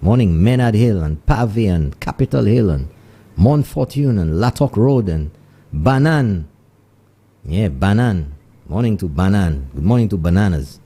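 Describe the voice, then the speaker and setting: A man with a Saint Lucian accent hosts a live morning radio show, chatting loosely, dropping in Creole phrases and shouting out listeners place by place. His voice sits on the low side, warm and husky, with lively intonation and a slightly slow pace.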